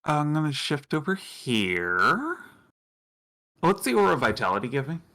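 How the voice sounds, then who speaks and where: A man's voice: a little high, big pitch swings, unhurried, sharp tone. A man playing a tabletop game, joking as he takes his turn. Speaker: player.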